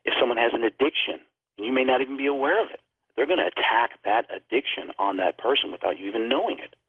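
Husky low-voiced guy telling a spooky story, tinny phone sound, acts out quotes. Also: fast, no room sound. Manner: animated, acts out quoted dialogue. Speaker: guest. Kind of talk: storytelling in a paranormal talk.

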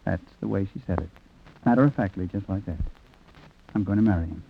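An actor narrating a 1940s radio drama as a reflective man, quiet and rueful. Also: sits low, fast, vocal fry, a little hiss or hum. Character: reflective man telling a sad story. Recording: tinny old radio recording with music.

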